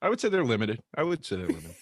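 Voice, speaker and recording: A man's voice: medium pitch, wildly swooping pitch, rapid-fire, slightly rough, dry recording, studio quality. A man who is a podcast guest and comedian, rambling through stories and laughing often. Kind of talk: casual podcast chat.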